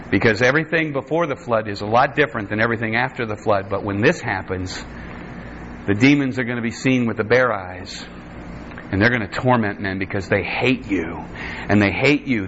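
A man's voice: medium pitch, a bit bright, a little hiss or hum. A man pastor preaching an impassioned, emphatic sermon full of rhetorical questions, on a dull lo-fi recording.

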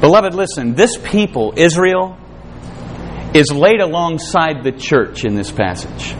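A man with a notably high voice delivers a sermon. He preaches with swells of emphasis and acts out quoted voices. A faint hum of background noise sits under him. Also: expressive, moderate pace. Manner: preaching, often in a raised voice, acting out quoted voices.

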